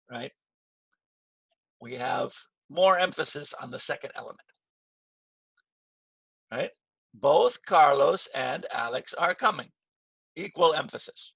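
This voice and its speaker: A man teaching an English grammar lesson, slow and patient, repeating key phrases with stress. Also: fairly high pitch, animated, gravelly, pushed and bright, husky, no echo.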